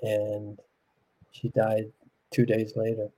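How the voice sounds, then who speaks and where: Soft-spoken man with a mellow voice. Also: on the low side, monotone, poor audio. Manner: soft-spoken, reflective, unhurried. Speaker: interview guest. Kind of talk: heartfelt personal storytelling.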